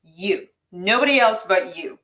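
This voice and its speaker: An energetic woman runs a live online money-mindset coaching session, speaking emphatically and directly to viewers as if each were in the room, and occasionally reading their typed comments back. Her medium-pitched voice is bright and forceful, with lively intonation and an unhurried pace.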